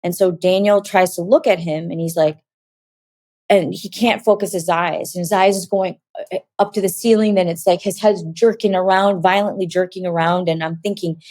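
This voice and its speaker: A woman telling a personal story as an interview guest, animated and acting out quoted dialogue. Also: lowish voice, moderate pace, no echo.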